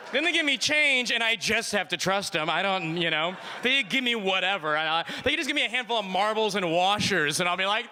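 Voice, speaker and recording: A man from Missouri doing a stand-up comedy set with a dry, deadpan delivery, breaking into quick voices for his characters. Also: high voice, a faint crowd, slight background noise. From Missouri, USA.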